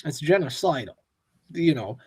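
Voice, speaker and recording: A man's voice: on the high side, big pitch swings, normal speed, slightly rough, no room sound. A man co-hosting a casual pop-culture podcast, ranting with lots of swearing. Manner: profane and ranting. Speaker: podcast co-host. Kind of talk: casual chat.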